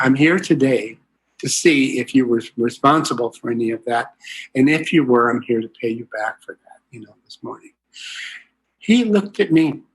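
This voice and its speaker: An older man speaks at a recovery meeting, telling his story in a folksy, rambling way. He fills his talk with asides and fillers. His pitch sits in an ordinary middle range.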